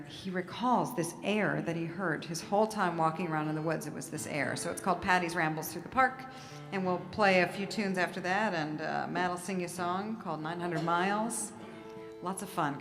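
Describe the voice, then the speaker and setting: A woman's voice: lowish voice, moderate pace, long reverb tail, music in the background. A woman folk musician chatting casually from the stage between songs at a live concert. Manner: chatty and casual, with loose filler words. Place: concert venue at a music festival.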